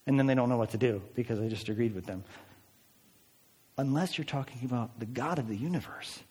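A man preaching a sermon as a pastor, in an animated, conversational way, acting out people's voices as he tells the story. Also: mid-range voice, fairly quick, husky, long reverb tail. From United States.

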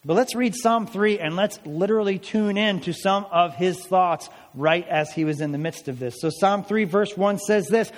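A man's voice: high-pitched, moderate pace, hardly any pauses. A man preaching a sermon as pastor, dramatic and emphatic, asking rhetorical questions of the congregation. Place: church hall. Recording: long hall reverb.

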